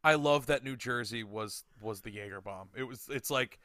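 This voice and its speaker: Young guy from connecticut running a podcast quiz, bright sharp voice, dry close sound, laughs and swears a lot. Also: mid-range voice, normal speed, no echo. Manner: laughs often, swears, animated quiz-giving. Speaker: podcast host. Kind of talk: casual chat.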